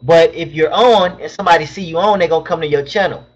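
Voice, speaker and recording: A fast-talking young man from Southern California with a high voice hosts a casual live stream, reading chat questions aloud and answering them in loose, slangy banter. The audio from his webcam mic is dull and lo-fi.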